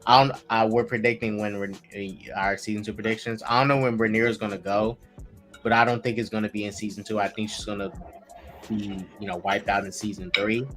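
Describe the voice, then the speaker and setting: A man co-hosting a casual TV review chat, talking with excited energy and stumbling over his own restarts. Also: fairly low pitch, fairly quick, faint music behind. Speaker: podcast host. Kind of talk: casual group chat about TV.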